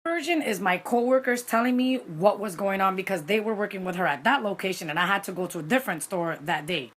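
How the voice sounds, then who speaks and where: Woman, casual storytime vlogger, dramatic delivery, code-switching, mid-pitched. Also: fast talker. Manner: animated, dramatic, mixes in Spanish phrases.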